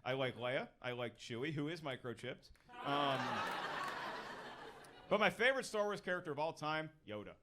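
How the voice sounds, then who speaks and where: A man's voice: a little high, animated, normal speed, pauses often. A man doing a stand-up comedy set on a club stage, talking in a punchy, conversational way and working the crowd. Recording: noisy live club recording.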